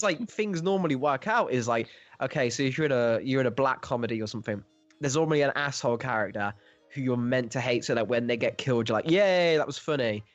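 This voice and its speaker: A man's voice: medium pitch, no room sound. A man co-hosts a podcast in casual film talk, rambling and breaking into laughter. His voice sits in the middle range, recorded dry with a slightly dull, muffled sound. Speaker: podcast co-host.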